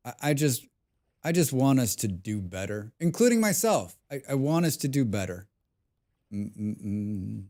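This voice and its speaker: A man chatting loosely during a live gaming stream, wandering from thought to thought. He restarts sentences often and swears bluntly without much fuss. The talk stays relaxed and conversational. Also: medium pitch, unhurried. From abroad, lives outside his birth country. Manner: rambling, thinking aloud with many restarts. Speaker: game streamer. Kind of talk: casual live-stream chat while gaming.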